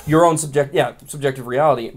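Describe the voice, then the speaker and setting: A man co-hosting a podcast in casual chat, animated and laughing often. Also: mid-range voice, fast. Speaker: podcast co-host.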